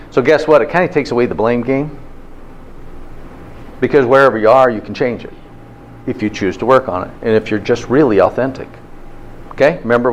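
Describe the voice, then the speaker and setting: A man's voice: mid-range voice, highs cut off, slight background noise. A man teaching a health class in an informal, interactive way, often checking in with "okay?". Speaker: health instructor.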